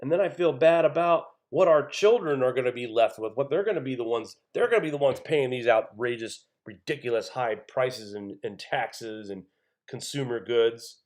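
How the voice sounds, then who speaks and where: A man's voice: medium pitch, normal speed, a little mellow. A man hosting his own channel, reading weather news aloud and commenting on it in an indignant, conversational way, often calling his viewers folks. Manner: reads news items aloud then comments. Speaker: channel host.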